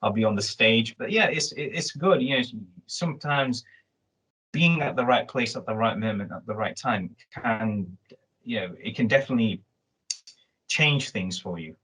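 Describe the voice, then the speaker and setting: A man's voice: mid-range voice, moderate pace, fairly bright tone, husky, rough recording. A man hosting a casual interview podcast, talking loosely and repeating words as he thinks. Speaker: podcast host and actor.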